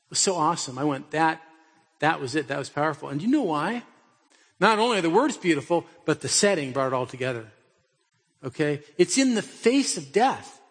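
A man's voice: fairly high pitch, big pitch swings, a little fast, husky, big-room sound. A middle-aged man preaching a sermon as a pastor, telling stories in a conversational way and putting pointed questions to his listeners.

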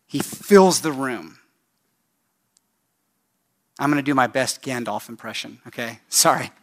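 Man, pastor, sermon, emphatic, pleading, unhurried delivery. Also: medium pitch, a bit bright. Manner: earnest, emphatic storytelling with pleading appeals.

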